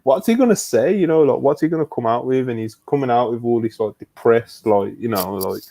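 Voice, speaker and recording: A man co-hosting a podcast in casual chat, excitable, swearing freely and retelling events at length. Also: medium pitch, a little fast, creaky. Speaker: podcast co-host.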